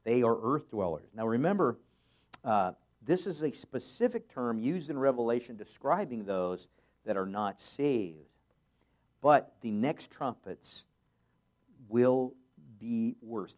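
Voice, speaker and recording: Man, pastor, sermon, middle pitch, reads scripture with force, casual asides, frequent fillers. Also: big pitch swings, slow, a little mellow. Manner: reads scripture aloud with rising force, jokes lightly, many fillers.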